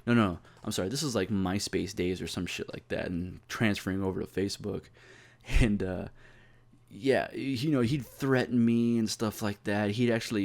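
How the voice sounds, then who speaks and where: A man's voice: lowish voice, darkish tone. Profane, rambling young man telling stories. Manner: rambling, profane, many fillers and restarts. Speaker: YouTuber. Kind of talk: casual storytelling vlog.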